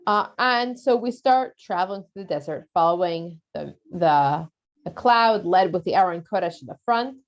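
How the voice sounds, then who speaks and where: A woman teaching a children's lesson, retelling the story in a lively, casual, conversational way. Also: lowish voice, normal speed, lo-fi sound.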